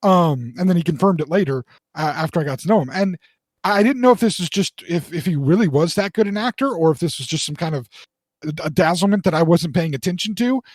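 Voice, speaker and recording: High-voiced man telling a rambling story. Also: no echo, clean studio sound. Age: 40s. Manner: rambling, animated storyteller with restarts. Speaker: podcast co-host. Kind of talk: casual storytelling chat.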